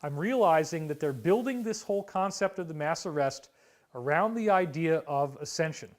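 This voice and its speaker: A middle-aged man in a rambling monologue, emotional, moving between hushed asides and exclamations. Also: on the high side, lively intonation, moderate pace. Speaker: speaker on conspiracy theories.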